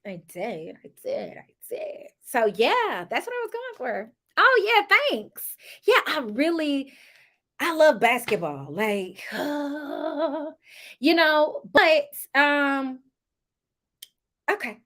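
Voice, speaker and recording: An American woman with a Southern accent casually reviews a reality show for her viewers, calling them y'all and laughing often. Her high-pitched voice is sharp and sing-song, and she talks slowly in this live review chat.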